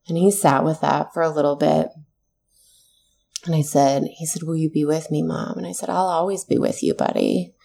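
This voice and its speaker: A woman's voice: deep voice, gravelly, dark tone, slightly rough. A woman, a mother in her thirties, earnestly telling a personal story in a casual chat, swearing now and then when heated.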